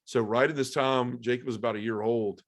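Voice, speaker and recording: A man sharing an emotional personal testimony as a podcast guest, earnest and halting, with many fillers. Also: mid-range voice, fairly even intonation. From Memphis area, US South.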